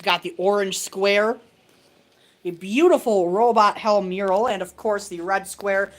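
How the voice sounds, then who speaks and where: A woman's voice: mid-range voice, unhurried, low-quality recording. A woman hosting a casual livestream from a home tabletop setup, self-deprecating and chuckling often. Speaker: host of a toy robot fight livestream.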